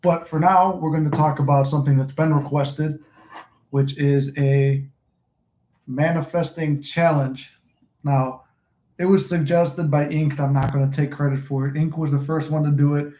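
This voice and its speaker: A man's voice: on the high side, steady tone, normal speed, dark tone. A man hosting a manifesting channel, chatting loosely and with some swearing on a phone livestream. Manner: rambling, loose and profane. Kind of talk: casual livestream chat. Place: room at home, smoking a cigar. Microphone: phone recording. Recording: echoey room.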